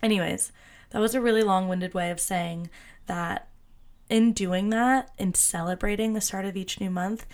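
A young adult woman hosting a solo podcast, talking casually and chattily with lots of fillers and excited self-quotes. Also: medium pitch, moderate pace. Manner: bubbly, chatty, many fillers, quoting herself in excited voices. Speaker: podcast host.

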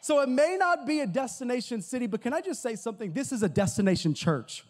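A man's voice: very high-pitched, expressive, fast, big-room sound. A man preaching a sermon as guest preacher, energetically exhorting the congregation. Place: church sanctuary.

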